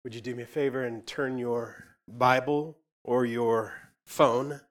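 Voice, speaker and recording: Brief: male preacher, personal story sermon, animated dialogue, swings loud to quiet. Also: medium pitch, measured pace. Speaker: ministry leader speaking to a church.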